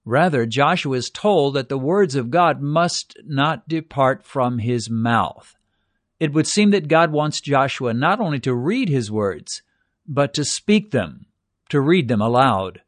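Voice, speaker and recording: An older man preaching in a measured, earnest tone, giving a devotional Bible teaching. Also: medium pitch, lively intonation, no room sound, clean studio sound.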